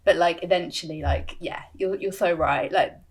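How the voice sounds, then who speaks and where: A woman's voice: on the low side, normal speed, husky. Chatty young woman podcaster. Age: 20s. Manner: chatty, lots of fillers like "like". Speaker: podcast co-host. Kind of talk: casual chat.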